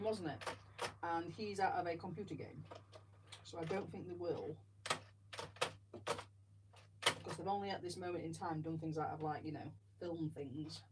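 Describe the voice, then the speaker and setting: A woman's voice: deep voice, moderate pace, pauses often. A woman chatting in a rambling, self-deprecating way while she builds, talking to viewers. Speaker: livestream host building Lego. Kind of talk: casual chat while building. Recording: distant mic with faint background noise.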